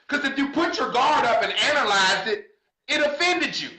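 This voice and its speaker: Tearful man preaching in a bright, high voice. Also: expressive, moderate pace, echoey room, poor audio. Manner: preachy, profane, swings between shouting and quiet asides. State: crying. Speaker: social media commentator. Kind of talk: emotional monologue to viewers.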